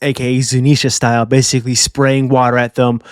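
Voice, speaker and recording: A young man hosting a casual manga review channel, animated and slangy, doing voices for characters. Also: medium pitch, fairly quick, smooth, no echo, studio quality. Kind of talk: casual video commentary.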